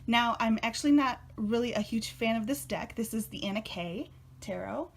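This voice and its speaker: A young woman chatting casually as a tarot vlogger, a little out of breath, bubbly and excitable and laughing often. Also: fairly high pitch, moderate pace, gravelly. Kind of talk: casual chat.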